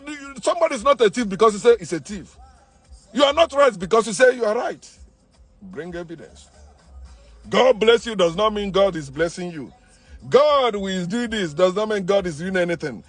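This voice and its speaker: A man delivering a forceful, preachy monologue, repeating himself and restarting phrases. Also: high voice, expressive, normal speed, faint music behind. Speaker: online commentator. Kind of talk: impassioned monologue.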